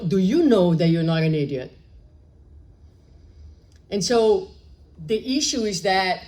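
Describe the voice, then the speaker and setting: Speaking at a medium pitch with a darkish tone, a woman delivers a spiritual talk to the public in a conversational manner, often posing rhetorical questions and adding "right?". She performs brief exchanges within her story, and the audio is poor.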